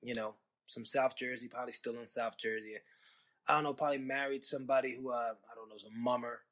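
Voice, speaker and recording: A man's voice: mid-range voice, fairly even intonation, quick pace, fairly bright tone. A man hosting a storytelling podcast, talking in a rambling, conversational way with sarcastic asides. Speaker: podcast host. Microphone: podcast microphone.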